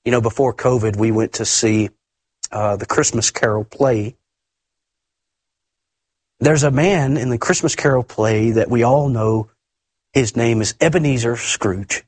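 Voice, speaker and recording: A man preaching a sermon emphatically, often repeating words and swinging his pitch up and down. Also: a little slow, pauses often, darkish tone, no room sound.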